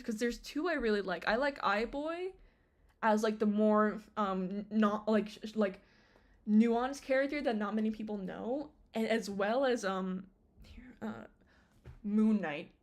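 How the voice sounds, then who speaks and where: Young woman streamer, loose rambling chat, slightly high voice. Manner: rambling, full of fillers and restarts. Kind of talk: casual live-stream chat.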